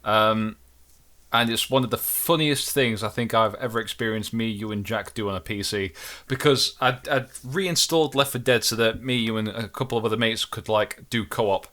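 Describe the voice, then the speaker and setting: A man's voice: on the low side, moderate pace. A young man co-hosting a gaming podcast, telling stories in casual chat and acting out the panicked voices in them. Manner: animated storyteller, acts out panicked shouts. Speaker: podcast co-host.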